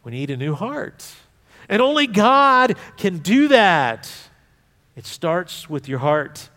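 Man, high-pitched pastor, conversational sermon, loud emphatic bursts and hushed asides, long hall reverb. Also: very animated, takes it slowly. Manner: conversational preaching, swinging between forceful emphasis and quiet asides.

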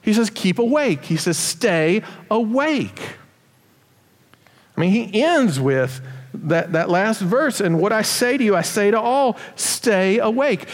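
A male pastor giving a sermon in a lively, conversational way, asking the congregation rhetorical questions. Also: sits high, big-room sound.

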